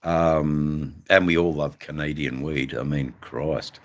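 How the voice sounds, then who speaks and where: A man's voice: a bass voice, slow, hardly any pauses. An Australian man hosting a livestream, chatting in a rambling, casual way and greeting viewers by name. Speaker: livestream host.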